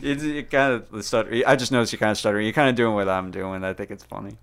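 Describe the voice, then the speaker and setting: A man co-hosting a comedy podcast, speaking in a halting way and repeating himself. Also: lowish voice, fairly even intonation, a bit bright, smooth. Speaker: podcast co-host. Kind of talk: casual comedy podcast chat.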